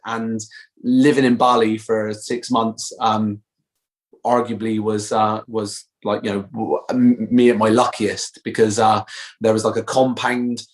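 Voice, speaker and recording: A man with a Bristolian English accent, chatting as a guest actor in an interview, full of fillers and restarts. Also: medium pitch. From Bristol, England. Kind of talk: casual interview chat.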